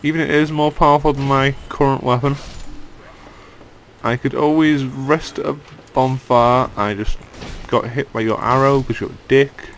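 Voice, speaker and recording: A man's voice: medium pitch, steady tone, moderate pace, slight background noise. A young man giving casual let's-play commentary, grumbling and swearing when the game annoys him. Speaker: gaming channel host.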